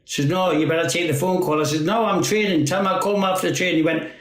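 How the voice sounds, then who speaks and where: A man's voice: on the high side, steady tone, very fast, echoey room. A man, telling rambling stories as a guest, laughing and swearing freely. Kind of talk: casual storytelling chat.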